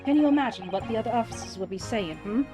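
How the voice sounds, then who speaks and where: Woman doing a brusque male police inspector, put-on English accent, impatient, soft music behind. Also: fairly high pitch, lively intonation, fast talker, lightly acted. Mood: gruff.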